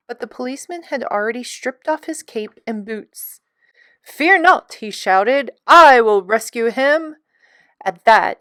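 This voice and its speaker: Woman storybook reader, expressive; smooth tone, dry recording. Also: fairly high pitch, no room sound. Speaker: storybook reader for an art class. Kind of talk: storybook read-aloud.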